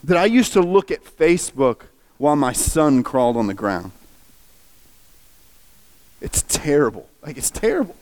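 A man's voice: on the high side, big pitch swings, normal speed, long pauses, a little mellow. A man preaching, earnestly and emotionally retelling a story with feeling. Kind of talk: sermon storytelling.

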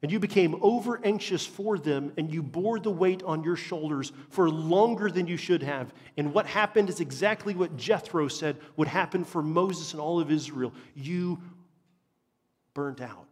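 A man's voice: fairly high pitch, normal speed, breathy edge. A man, preaching a sermon as a pastor in an earnest, emphatic way and repeating phrases for stress. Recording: long reverb of a large hall.

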